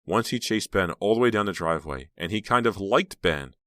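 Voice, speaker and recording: A man's voice: on the low side, lively intonation, a little fast, a bit bright, dry recording, clean studio sound, pitched above the performer's own voice. A man reading an audiobook, voicing a bitter, anxious teenage girl in a raised, pleading voice.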